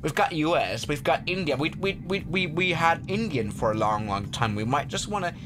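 A man's voice: on the high side, lively intonation, normal speed, background noise. A man streaming a flight sim, chatting casually to viewers in a rambling way full of fillers and restarts. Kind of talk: casual live gameplay commentary.

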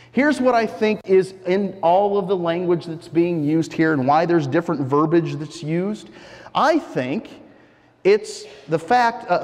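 A man's voice: high-pitched, darkish tone, big-room sound. A male pastor preaching a conversational sermon, explaining a point and asking the listeners rhetorical questions.

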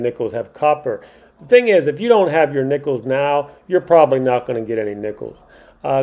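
A man's voice: mid-range voice, dull audio. A middle-aged man vlogging to camera, ranting indignantly and repeating himself for emphasis. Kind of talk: monologue to camera.

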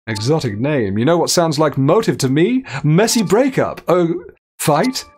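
A man's voice: fairly high pitch, big pitch swings, unhurried, darkish tone, husky. A man streaming a game, joking his way through it and reading texts and chat messages aloud. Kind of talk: gameplay commentary.

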